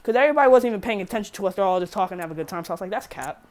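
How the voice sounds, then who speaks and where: A woman's voice: mid-range voice, lively intonation, very fast, darkish tone. A teenage girl rambling through a casual storytime vlog, swearing freely and correcting herself as she goes. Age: teen. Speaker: vlogger.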